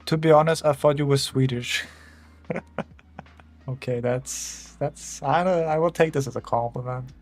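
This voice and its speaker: Drawing live for viewers, the young Austrian streamer rambles and chuckles while reading chat, his Austrian German accent clear. His voice sits at a medium pitch and moves unhurriedly.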